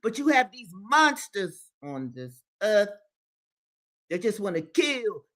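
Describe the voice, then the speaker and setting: Woman, book reader and host, slow delivery, emphatic, repeats phrases for stress, impassioned commentary. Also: fairly high pitch, lively intonation. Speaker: host reading books aloud.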